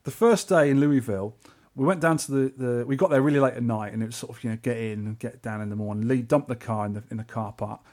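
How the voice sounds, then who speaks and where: A man with a London accent, co-hosting a podcast and telling a trip story in casual chat, animated and acting out the people he met. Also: mid-range voice, fast talker, few pauses. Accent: English, London. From England. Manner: animated, acts out quoted voices. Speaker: podcast co-host.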